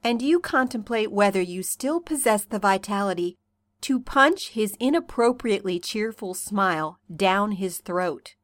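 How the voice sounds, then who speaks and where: A woman reading a fan fiction story aloud in soft, second-person narration. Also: medium pitch, lively intonation, a little slow, no echo, clean studio sound. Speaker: reader.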